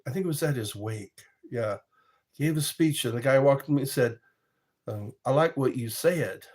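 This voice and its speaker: At normal speed, a man with a medium-pitched, slightly mellow voice tells meandering vlog stories. He chuckles along the way and often stops partway through a sentence.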